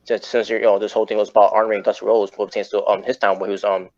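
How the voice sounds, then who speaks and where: A man's voice: lowish voice, little pitch movement, rapid-fire, darkish tone. A man hosting a casual wrestling chat podcast, rambling and often correcting himself mid-sentence. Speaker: podcast host. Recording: muffled lo-fi audio.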